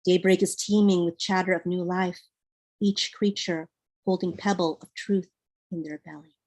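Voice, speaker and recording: A woman reading her poem aloud over a video call in a slow, measured way. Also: on the low side, steady tone, darkish tone, poor audio. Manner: measured, deliberate delivery. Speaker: poet performer.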